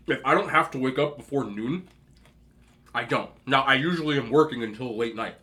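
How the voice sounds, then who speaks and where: A man in his thirties chatting casually at home, rambling through stories as he eats. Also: mid-range voice. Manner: chatty, rambling, animated when telling stories. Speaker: mukbang host. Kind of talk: casual storytelling while eating. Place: indoors at home.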